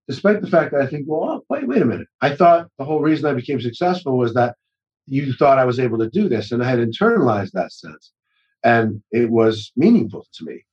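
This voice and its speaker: A husky-voiced man in his forties talks loosely and at length. He trips over restarts and slips into acted-out quotes. The audio sounds a little dull and muffled. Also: medium pitch. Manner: rambling, self-interrupting with many restarts and acted-out quotes. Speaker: actor-director guest. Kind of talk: casual storytelling conversation.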